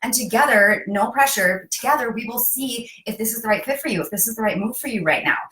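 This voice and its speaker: A woman life coach hosting a live stream, speaking in a reassuring, encouraging way and slowing down on key phrases. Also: a little high, pushed and bright. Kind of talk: casual live-stream chat with a program pitch. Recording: roomy echo.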